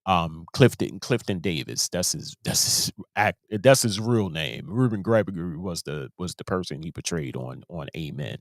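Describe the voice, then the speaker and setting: A man's voice: deep voice, expressive, moderate pace, hardly any pauses, dry recording, studio quality. A man hosting a show, giving casual commentary in an emphatic way, often repeating and restarting his words. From Baltimore, USA. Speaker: host.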